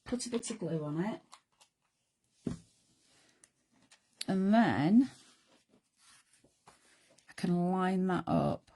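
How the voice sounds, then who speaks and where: A middle-aged woman hosting a live craft demonstration, chatty and self-deprecating, thinking aloud as she works, her voice going croaky. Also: lowish voice, lively intonation, very slow, long pauses, warm tone. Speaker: craft show host.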